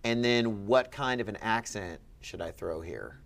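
Low-voiced man teaching Greek. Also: a little slow, creaky, fairly bright tone. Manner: patient, quizzing, upbeat. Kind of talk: one-on-one lesson.

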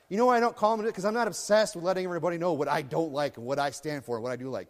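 A man preaching a sermon as pastor, swinging between low muttering and loud shouting. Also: quick pace, hardly any pauses, long reverb tail.

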